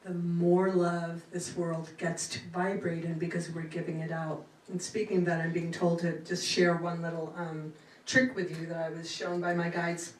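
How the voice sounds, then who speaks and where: A middle-aged woman giving a spiritual talk to a congregation with a lively, laughing cadence. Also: lowish voice, normal speed. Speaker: inspirational speaker. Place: church sanctuary. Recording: roomy hall from far off.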